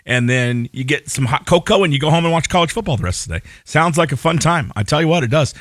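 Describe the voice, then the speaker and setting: A man's voice: on the high side, lively intonation, fast talker, few pauses, fairly bright tone, dry recording. A man hosting a morning radio show, chatting casually and self-deprecatingly with plenty of fillers between announcements. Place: radio studio. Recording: dry studio sound.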